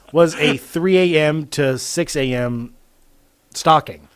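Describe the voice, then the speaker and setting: A man hosting a podcast, telling work stories in a casual, profane, animated way. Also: a little high, slow pace, clean tone. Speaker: podcast host. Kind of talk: casual storytelling chat.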